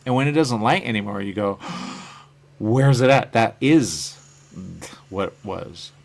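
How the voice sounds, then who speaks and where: A man with a low, gravelly voice chats loosely on his live stream, musing aloud about his comic work. He reads out viewer comments and answers them, his sentences wandering and fading off softly at the end. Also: animated, a little slow. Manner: musing and meandering, trailing off quietly at phrase ends. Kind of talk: rambling casual live-stream chat.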